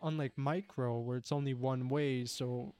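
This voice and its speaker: A man's voice: medium pitch, fairly even intonation, unhurried, mellow. A young man chatting casually among friends, rambling and slangy, often mimicking a device's voice. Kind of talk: casual chat.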